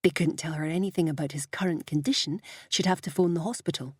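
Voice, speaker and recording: A woman reads a novel aloud in a measured, even manner. Her voice is husky and low, and the close mic gives it a dry, close sound with no room in it. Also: dry recording. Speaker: audiobook narrator. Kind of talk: scripted narration.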